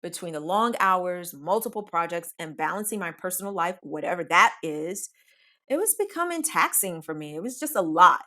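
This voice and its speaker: Woman, comic storytelling monologue, bright voice, lively swinging pitch, emphatic, profane. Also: normal speed. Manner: animated, emphatic, profane, addresses listeners as "y'all". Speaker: podcast storyteller.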